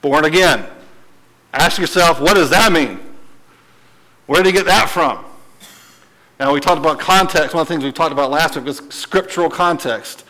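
A man's voice: a little high, moderate pace, long pauses, rough recording. A man teaching a Bible study in a casual, conversational way, often checking in with his listeners and lifting his voice to stress a point. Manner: animated, voice lifts when stressing a point.

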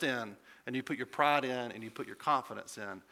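A man's voice: medium pitch, a little fast, hardly any pauses, bright, forceful tone. A man preaching a conversational sermon as a pastor, swelling into emphatic peaks.

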